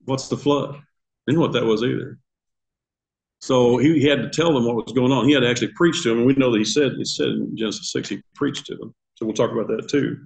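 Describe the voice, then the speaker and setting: Talking fast in a creaky, mid-range voice, an older man teaches a Sunday school class in a church classroom. He asks the class questions, chuckles at his asides, and keeps a conversational tone, though the audio is poor.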